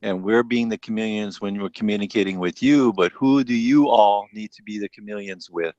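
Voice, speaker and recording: A man with a fairly low voice leads his team and quizzes them directly. The sound is close and dry, with no room echo. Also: a little fast, a little mellow, dull audio. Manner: direct, asks the group questions. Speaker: team leader. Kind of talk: coaching a team in a meeting.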